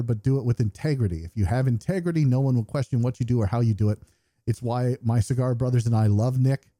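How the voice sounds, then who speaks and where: A man's voice: medium pitch, mellow, no echo, clean studio sound. An American man co-hosting a podcast, chatting casually, swearing and joking at his own expense. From United States. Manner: profane, joking, self-deprecating. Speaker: podcast co-host. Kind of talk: casual chat, reading listener feedback. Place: home, remote call.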